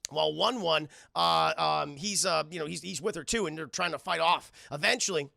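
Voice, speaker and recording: A man streaming a loose cartoon recap who rambles, swears, and keeps turning to address his chat. His voice sits a bit high for a man and is bright, with heavy vocal fry. The sound is dry and close. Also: fairly quick, no room sound. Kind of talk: casual live-stream episode recap.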